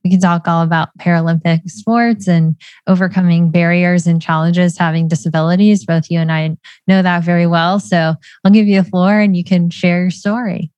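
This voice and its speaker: A woman's voice: lowish voice, fairly even intonation, normal speed, hardly any pauses, a little mellow, dry recording. A woman hosting a podcast, introducing her guest in an upbeat, promotional way. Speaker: podcast host.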